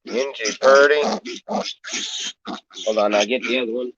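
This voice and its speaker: A man's voice: unhurried, long pauses, fairly bright tone, highs cut off. A man chatting casually in a homestead vlog, sometimes talking to his pigs in a coaxing voice. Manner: talks to his piglets in a high coaxing voice. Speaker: homesteader vlogger.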